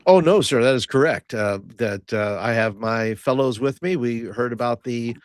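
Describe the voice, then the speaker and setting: A courteous halfling adventurer, played by a man at the game table, who stumbles politely through his words with constant fillers. His voice sits at an ordinary middle pitch and sounds dry and close, with no room around it. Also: dry recording, lightly acted. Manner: halting, full of "uh" fillers, polite.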